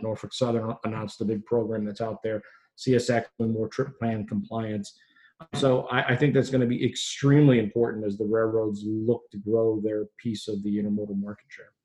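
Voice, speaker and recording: A man with a fairly low voice gives quick, unscripted answers in an interview. He thinks aloud, circling back with fillers and restarts as he explains. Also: a little mellow, rough recording. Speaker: freight industry analyst guest.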